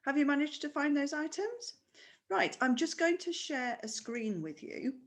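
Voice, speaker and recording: A woman's voice: high-pitched, lively intonation, moderate pace. Patient woman teaching a music lesson. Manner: patient, explaining step by step with questions. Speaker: primary school music teacher. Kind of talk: recorded online music lesson.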